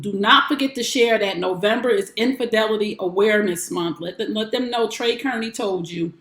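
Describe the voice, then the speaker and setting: A woman's voice: medium pitch, a little fast, hardly any pauses, fairly bright tone. Emphatic woman coach in an echoey room. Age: 40s. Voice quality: emphatic, repetitive, preacherly. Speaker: life coach and show host. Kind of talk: motivational broadcast talk. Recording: roomy echo.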